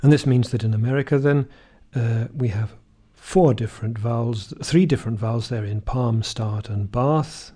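A man teaching English pronunciation, reading word lists slowly and clearly and asking the listener to repeat. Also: mid-range voice, warm tone. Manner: reads word lists slowly, often drawing words out, with "uh" fillers between them. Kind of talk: slow, deliberate pronunciation drill.

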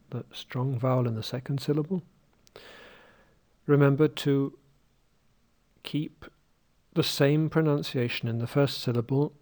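A man teaching pronunciation, saying single words one by one in a careful, deliberately articulated drill. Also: mid-range voice, darkish tone.

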